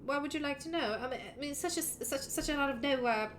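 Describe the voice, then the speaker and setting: A woman's voice: fast talker, a bit bright, soft background music. A woman voicing a fussy, doting middle-aged mother with a British accent, rambling and flustered. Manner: fretful, rambling, high and flustered.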